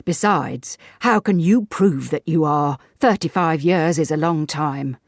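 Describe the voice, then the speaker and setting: A woman voicing a calm, firm, sharp-tongued old lady. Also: low voice, measured pace, no echo, clean studio sound.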